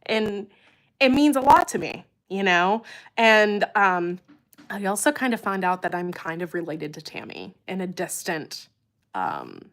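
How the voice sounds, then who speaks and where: A woman's voice: medium pitch, big pitch swings, unhurried, a bit bright. A woman hosting her farm channel's livestream, chatting casually, rambling and enthusiastic, often repeating herself.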